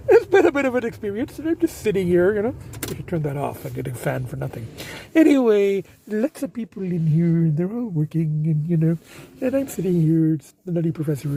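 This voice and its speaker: A man's voice: a little high, warm tone, a little hiss or hum. An older man chatting casually in a vlog, rambling with lots of fillers and restarts, talking from inside his car. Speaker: vlogger. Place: inside a car at a tire shop.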